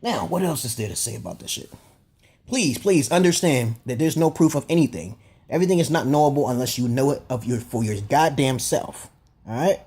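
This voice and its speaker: A man's voice: mid-range voice, expressive, brisk, dark tone, husky. A man giving a rambling, profane opinion monologue as a vlogger, emphatic and often checking "okay?" with his listeners. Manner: repeats and restarts phrases.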